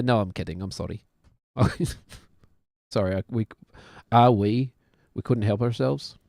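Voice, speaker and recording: A man's voice: medium pitch, a little mellow, dry recording, clean studio sound. A man in his thirties with a New Zealand accent, chatting casually while he plays a game and cracks self-mocking jokes. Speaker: streamer.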